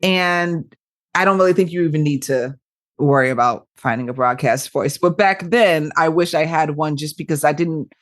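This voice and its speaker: A woman's voice: low voice, moderate pace. A woman radio broadcaster and podcast guest, chatting animatedly and laughing often as she tells stories. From Michigan. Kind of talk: casual interview chat.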